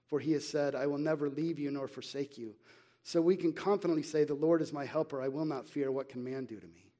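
A middle-aged man preaching a sermon as pastor, earnest and conversational, asking rhetorical questions and reading scripture slowly and with emphasis. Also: on the high side, warm tone.

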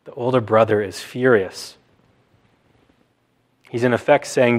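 A man preaching an expository sermon, measured and deliberate, pausing for emphasis. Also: mid-range voice, fairly even intonation.

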